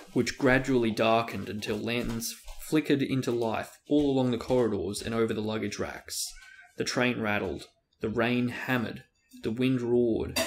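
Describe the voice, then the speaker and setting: A man hosting a show, reading a novel aloud in steady narration with occasional stumbles. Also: mid-range voice. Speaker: host reading a book aloud. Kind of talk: book reading with character voices.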